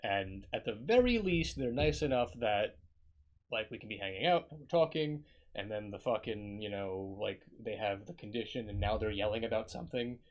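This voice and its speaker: A man's voice: on the low side, normal speed, low-quality recording. A man co-hosting a podcast, telling rambling, profane stories in casual chat. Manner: rambling, profane, animated storytelling. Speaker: podcast co-host.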